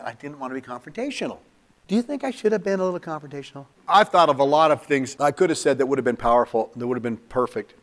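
A middle-aged man from California preaching in a church, telling a personal story in an emotional, confessional way, often dropping to a near-hush. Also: mid-range voice. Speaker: pastor. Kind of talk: sermon storytelling.

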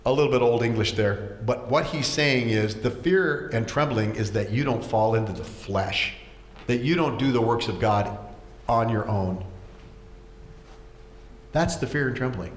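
A man's voice: mid-range voice, a little slow. A man preaching a sermon, telling stories with animation and acting out voices, often repeating words as he goes. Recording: echoey hall.

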